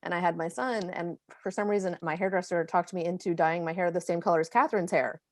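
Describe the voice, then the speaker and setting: A woman from Florida moderating a casual panel of authors, chatty and quick to laugh as she tells stories. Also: lowish voice, no echo, clean studio sound. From Florida, USA. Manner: chatty, laughing, animated storyteller.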